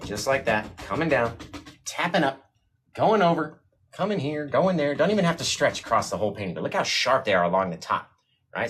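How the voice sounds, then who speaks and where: Man, painting instructor, livestream, animated, husky, chatty, sniffly. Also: mid-range voice. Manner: excited, talks to chat while painting. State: teary, sniffling. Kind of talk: live-streamed painting lesson.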